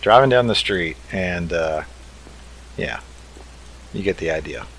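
A man's voice: low-pitched, lively intonation, a little slow, a bit bright, low-quality recording. A man hosting a let's play, thinking aloud in an easygoing way as he builds. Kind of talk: casual game commentary.

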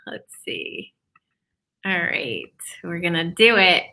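A woman's voice: lowish voice, animated, takes it slowly, pushed and bright. A woman hosting an interview in a casual, encouraging way. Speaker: host.

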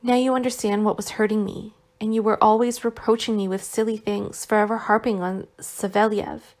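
A woman voicing a gentle, worn-out young man who is still recovering, speaking tenderly with some reproach, in an audiobook reading. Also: mid-range voice, little pitch movement, moderate pace, close to an everyday voice. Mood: tender, reproachful.

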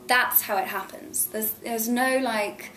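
Animated young woman, roomy sound. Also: fairly high pitch, a little slow, faint music behind. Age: 20s. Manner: animated, chatty, laughs often, many "like"s. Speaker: actress guest. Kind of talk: casual interview chat. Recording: roomy echo.

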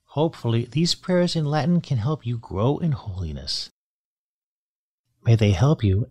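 A man's voice: mid-range voice, darkish tone, no echo. Solemn man reciting prayers. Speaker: podcast host. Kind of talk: reading a scripted podcast with prayers.

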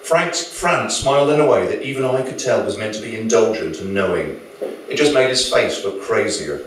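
A man's voice: on the low side, animated, normal speed, slight background noise. A male author reading his novel aloud to an audience at a live venue, with dry, wry storytelling. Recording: very echoey room, mic far off.

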